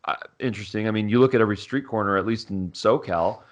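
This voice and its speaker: A man's voice: on the low side, fast talker. A man hosting a podcast interview, asking an earnest, thoughtful question. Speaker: podcast host.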